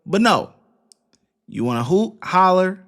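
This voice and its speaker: Male commentary host, slightly high voice, blunt and scolding. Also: very animated, measured pace, a bit bright. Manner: opinionated, scolding, mocking. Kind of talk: reaction commentary.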